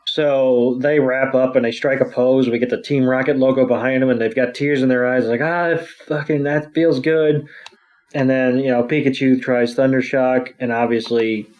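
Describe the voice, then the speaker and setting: A man co-hosting a podcast, recapping a cartoon episode in a blunt, wry, profane way. His voice sits at an ordinary middle pitch. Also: level tone, normal speed, few pauses, darkish tone, rough recording. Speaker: podcast co-host.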